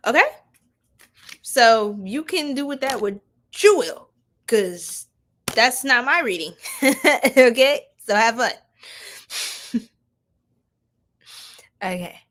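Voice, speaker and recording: Young woman tarot streamer, slightly high voice, unhurried, laughs a lot, slangy chat with her viewers. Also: fairly bright tone. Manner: giggly, slangy, chatting to viewers. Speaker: tarot reader livestreaming. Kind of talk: casual livestream tarot reading.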